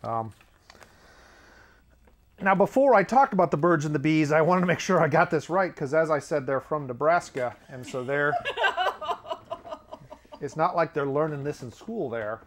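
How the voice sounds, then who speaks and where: A man's voice: fairly high pitch, animated, measured pace, pauses often, slight background noise. A man hosting his own comedy show, delivering a rambling monologue with offhand, sardonic asides and chuckling at his own jokes. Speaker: host.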